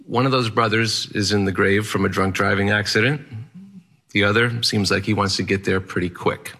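A man's voice: fairly low pitch, fairly even intonation, moderate pace, sharp tone. A man telling a personal story on stage in vivid present tense, with a wry touch.

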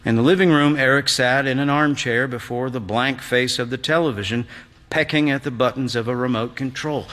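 An older man reading a literary story aloud in a quiet, reflective narrating voice. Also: mid-range voice, normal speed. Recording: long hall reverb.

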